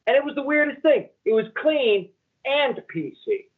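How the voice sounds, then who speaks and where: Casting: high-pitched man, crude animated storyteller, phone-line sound. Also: moderate pace, husky. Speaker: comedian podcast co-host. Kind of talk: casual podcast chat, storytelling.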